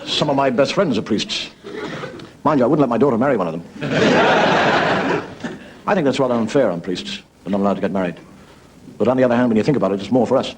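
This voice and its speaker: A man's voice: medium pitch, fast talker, long pauses, heavy background noise. A man telling jokes in a wry, conversational stand-up monologue. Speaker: stand-up comedian.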